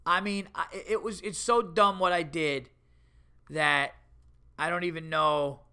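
Man, middle-aged, podcast host, swears a lot, animated storytelling, slightly high voice, bright. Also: measured pace, clear, resonant tone. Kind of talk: casual solo podcast monologue.

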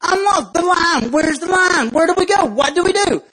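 A man acting out a panicked, lost little male ant from an animated film, crying and shouting in alarm. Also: very high-pitched, moderate pace, a little hiss or hum, pitched above the performer's own voice, full character voice, rough recording.

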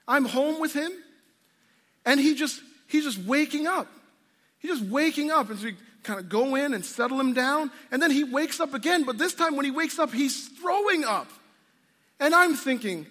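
A man's voice: very high voice, unhurried, long pauses, fairly bright tone, big-room sound. A male pastor preaching a sermon in an earnest, storytelling way, often restarting his sentences.

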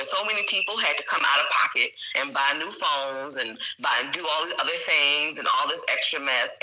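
A man's voice: a little high, bright, forceful tone, rough recording. A man chatting as an interview guest, rambling with frequent fillers and laughs. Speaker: guest teacher living in China. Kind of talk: casual interview chat.

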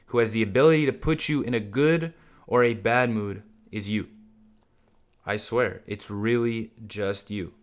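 A man's voice: on the low side, smooth. A man hosting a solo motivational podcast, talking bluntly and casually to his listeners and swearing freely. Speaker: podcast host.

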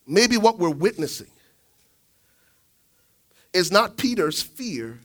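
A man preaching a sermon, telling the story dramatically, swinging from shouts to hushed asides. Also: high-pitched, big pitch swings, takes it slowly.

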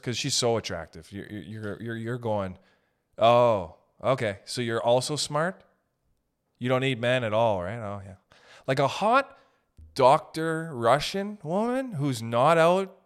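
A young man doing a casual comedic monologue, rambling and joking with swerving pitch and pace. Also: a bit bright. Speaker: comedian host.

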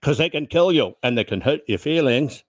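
A man's voice: medium pitch, animated, a little fast, no room sound, studio quality. A man giving angry political commentary, sarcastic and full of swearing. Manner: sarcastic, profane.

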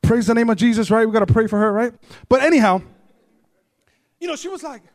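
A man pastor delivering a humorous storytelling sermon to his congregation, animated with joking asides and bursts of shouting. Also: extremely high pitch, fairly quick, long pauses. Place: church service before a congregation.

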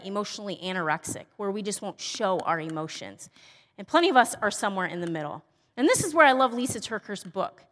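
A middle-aged woman speaking at a women's church event, telling personal stories earnestly and moving between bright emphasis and hushed, tender softness. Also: medium pitch. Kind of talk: personal teaching talk. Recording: long reverb of a large hall.

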